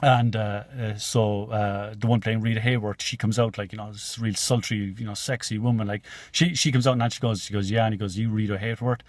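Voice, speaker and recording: A man's voice: lowish voice, steady tone, brisk, few pauses, dry recording. A man casually retelling film scenes, rambling with many fillers and swearing. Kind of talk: casual storytelling.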